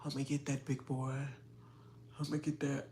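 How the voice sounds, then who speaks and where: A woman voicing a smug male reality-show contestant in a hushed, breathy whisper. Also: a bass voice, flat delivery, moderate pace, a little hiss or hum.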